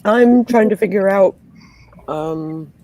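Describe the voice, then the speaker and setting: A woman's voice: mid-range voice, slow pace, mellow. A woman guest author chatting casually on a livestream over a video call, friendly and upbeat. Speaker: guest author and graphic designer.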